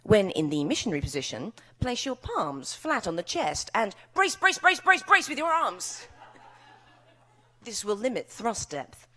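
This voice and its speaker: A woman's voice: medium pitch, big pitch swings, unhurried, pushed and bright. A British woman author speaking at a live event, then reading her novel aloud with wry, bawdy comic delivery. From United Kingdom. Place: live event before an audience.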